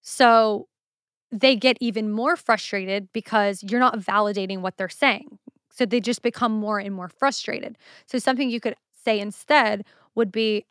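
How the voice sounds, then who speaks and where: Smooth-voiced woman hosting a solo podcast. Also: medium pitch, fairly even intonation, moderate pace, fairly bright tone, no room sound, clean studio sound. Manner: candid, casual, swears freely. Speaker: podcast host.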